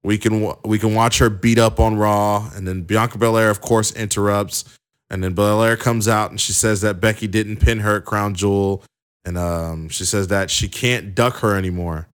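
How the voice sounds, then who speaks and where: A man's voice: fairly low pitch, fairly even intonation, normal speed. A young man recapping a wrestling show in a casual, chatty way with plenty of fillers. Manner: chatty, many fillers and restarts.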